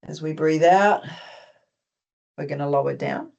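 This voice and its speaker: An instructor with an Australian accent leads a group through simple stretches and breathing, speaking calmly and steadily. The cues are gently instructive, with small touches of humor mixed in. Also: mid-range voice, measured pace, gravelly, lo-fi sound. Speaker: movement instructor. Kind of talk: guided stretching class.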